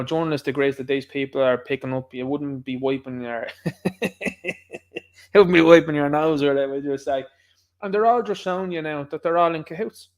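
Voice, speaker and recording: A man with a Dublin Irish accent holds forth on his own channel in a mid-pitched voice. He talks in a combative, impassioned ramble, pressing his points hard. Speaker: channel host. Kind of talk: ranting political commentary.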